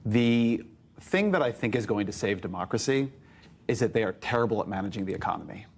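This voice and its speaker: A man arguing his points in a brisk way as a guest on a televised panel. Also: on the low side, lively intonation, gravelly. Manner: brisk, argumentative.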